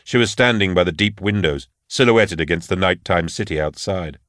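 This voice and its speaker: A man narrating an audiobook in a measured, steady way. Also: sits low, no room sound, clean studio sound. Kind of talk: scripted narration.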